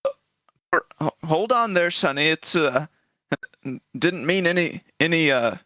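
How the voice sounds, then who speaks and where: Frail wheedling old grandpa, put on by a man, bright, dry tone. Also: a little high, lively intonation, takes it slowly, no echo, pitched above the performer's own voice, exaggerated voice. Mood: pleading.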